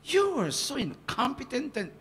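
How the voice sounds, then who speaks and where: A man's voice: extremely high pitch, wildly swooping pitch, moderate pace, fairly bright tone, long reverb tail, a little hiss or hum, pitched above the performer's own voice, exaggerated voice. A man putting on a harsh, insulting voice to play the dog that barks inside a person. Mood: scornful. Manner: insulting, barking tone.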